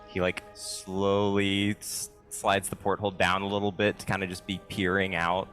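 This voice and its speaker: A man's voice: low voice, flat delivery, normal speed, fairly bright tone, faint music behind. A man narrating as a tabletop game player, casual and hesitant.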